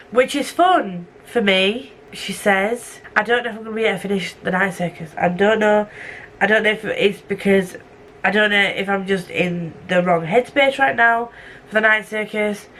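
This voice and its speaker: A woman's voice: mid-range voice, a bit bright, slight background noise. A young woman vlogging casually at home at night, rambling and self-mocking as she drifts off on tangents. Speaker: book vlogger. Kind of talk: casual vlog chat.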